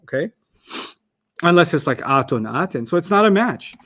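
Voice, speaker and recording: A man runs an online class in a quick, teasing way. His voice sits a little high for a man. He jokes with his students between points. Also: lively intonation, fairly bright tone. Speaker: teacher.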